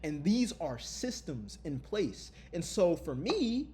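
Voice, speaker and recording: A man vlogging openly to his viewers, earnest and lively, often repeating his phrases. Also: on the high side, takes it slowly, slight background noise. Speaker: content creator. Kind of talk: candid vlog talk.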